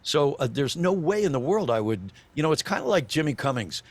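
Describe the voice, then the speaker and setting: An older man, a voice actor guest on a podcast, telling an animated story with lots of restarts and fillers. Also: a little high, brisk, no echo.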